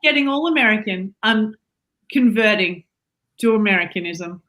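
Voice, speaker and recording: Actress as an wife character, bright and keen, earnest improv banter. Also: female voice, mid-range voice, animated, moderate pace. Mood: playful. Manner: earnest, playful, tries on accents. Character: Lester's Australian wife, young adult woman, eager to please. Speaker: comedic co-host character. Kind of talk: improvised comedy sketch.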